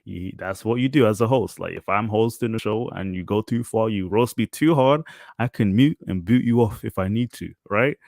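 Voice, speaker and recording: A man commenting on a clip he is playing, relaxed and amused. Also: fairly low pitch, normal speed, gravelly, no room sound. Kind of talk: reaction commentary.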